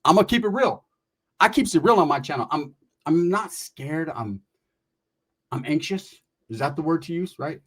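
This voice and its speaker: A middle-aged man from California telling a casual comic story in an animated, profane and slangy way, with quick asides to the listener. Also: fairly high pitch, slightly rough. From Merced, California.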